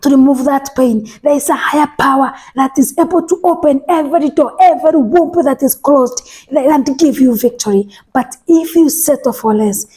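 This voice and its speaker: Delivering a sermon at normal speed in a high-pitched voice, this woman speaks with emphasis. She repeats phrases, restarts words, and occasionally drops into a soft whisper.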